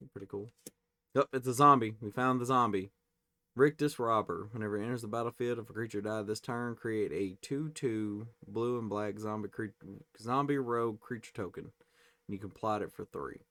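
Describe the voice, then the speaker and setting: A man hosting a casual pack-opening video, reading card names aloud and tossing in quick offhand reactions. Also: fairly low pitch, a bit bright. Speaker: card-opening channel host.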